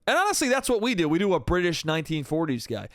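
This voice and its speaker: A man's voice: fairly high pitch, very animated, fast talker, dry recording, studio quality. A young man hosting a solo comedy podcast, rambling loosely and profanely, calling everyone "dude" and "bro". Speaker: podcast host.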